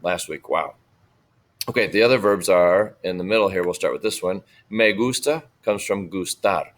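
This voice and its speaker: A low-pitched man teaches a recorded Spanish lesson, patiently repeating words slowly so students can copy him.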